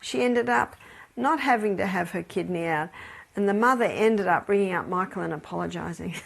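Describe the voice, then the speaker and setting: A woman's voice: mid-range voice, normal speed, gravelly. A woman with an Australian accent, giving a storytelling health lecture in a chatty manner. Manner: chatty, laughs between anecdotes. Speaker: health educator.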